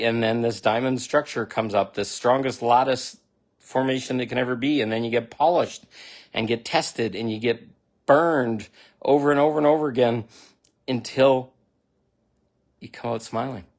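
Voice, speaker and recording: Middle-aged male self-help speaker, earnest, affirming, mid-pitched voice, emotional motivational monologue. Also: moderate pace. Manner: earnest, repetitive, near tears at times; affirming, speaks directly to the listener.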